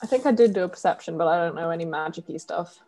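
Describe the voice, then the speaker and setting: A woman's voice: lowish voice, very fast, warm tone. A woman playing a tabletop role-playing game, chatting and asking curious questions. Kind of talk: casual chat.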